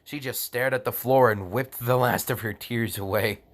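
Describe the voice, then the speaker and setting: A man's voice: medium pitch, normal speed. A young man reading a fan story aloud for comedy, breaking off into sarcastic asides, laughing often and stumbling over words. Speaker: fan fiction reader.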